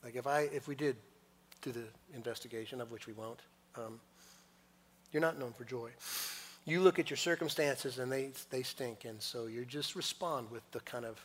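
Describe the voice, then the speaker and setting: A man preaching a sermon, moving between hushed, intimate lines and loud, emphatic passages. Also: medium pitch, moderate pace, husky. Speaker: pastor. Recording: long reverb of a large hall.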